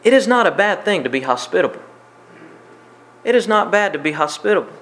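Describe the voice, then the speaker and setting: A man with a notably high voice delivers a sermon. He drives points home by repeating them in earnest preaching cadence. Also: lively intonation, a little fast, fairly bright tone. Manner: preaching with emphatic repetition. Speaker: pastor.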